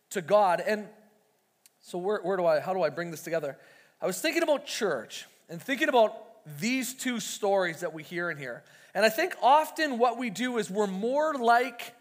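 High-voiced preacher man in a reverberant hall. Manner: conversational, acts out quoted voices. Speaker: pastor. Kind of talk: sermon.

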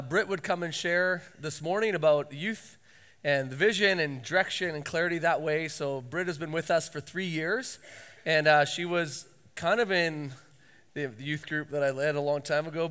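A man with a fairly high voice leads a prayer and then introduces the next speaker to his church, his speech relaxed and halting, full of small fillers. The sound carries a long reverb from the hall. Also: smooth. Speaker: pastor.

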